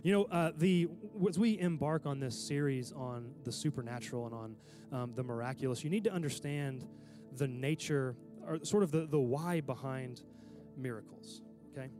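A man's voice: medium pitch, normal speed, over music. A man preaching a sermon in a casual, conversational way, often checking in with his listeners.

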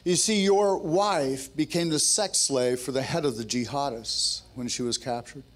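A man's voice: mid-range voice, measured pace. A man preaching a sermon at a men's gathering, telling a story and then building to fervent, rousing exhortation with joking, conversational asides.

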